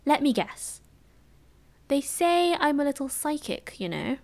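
A woman putting on a boastful genie spirit in whispered role-play, teasing and theatrical. The voice has a British English accent, sits a little high, and moves unhurriedly. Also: big pitch swings, a little slow, heavily acted. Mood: playful boasting. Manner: showy, teasing. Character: boastful big blue male genie spirit.

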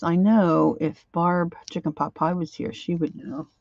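A woman's voice: on the low side, unhurried, vocal fry, warm tone, breathy edge, no room sound, highs cut off. A woman hosting a craft livestream who rambles and thinks aloud as she works, often trailing off mid-sentence. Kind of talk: casual crafting tutorial.

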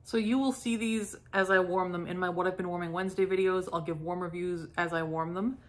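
A middle-aged woman from Canada chatting casually as she unboxes and sniffs candles, gushing softly and lingering over each scent. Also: lowish voice, steady tone, brisk. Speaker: candle review vlogger. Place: home.

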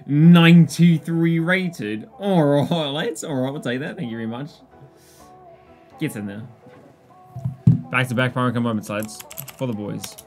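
A young man commentating a video game pack opening with excitable outbursts and groans, calling out to his viewers as lads. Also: medium pitch, a little slow, long pauses, soft background music. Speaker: gaming YouTuber.

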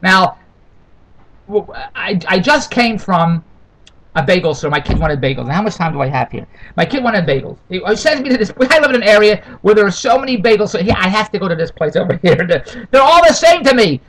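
A man's voice: high-pitched, big pitch swings, a little fast, a bit bright, low-quality recording. A middle-aged man rambling through a comic, complaining monologue, repeating himself and wandering off on tangents. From Toronto. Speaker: vlogger.

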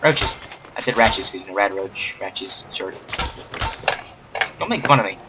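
Goofy, animated young man gaming. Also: on the low side, moderate pace, noisy background. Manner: goofy and sarcastic, rambling, jokes at the screen. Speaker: gamer doing a let's play. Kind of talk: playful game commentary.

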